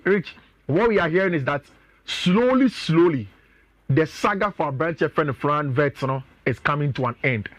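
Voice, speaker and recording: A man's voice: high voice, a bit bright, no room sound, highs cut off. A man with a Ghanaian accent, talking as a sports pundit on a radio show, chatty and often addressing his co-host.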